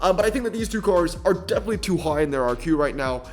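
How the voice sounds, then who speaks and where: A man giving irritated gameplay commentary, ranting in an animated way with frequent fillers and restarts. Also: sits high, fast, faint music behind. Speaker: mobile racing game commentator.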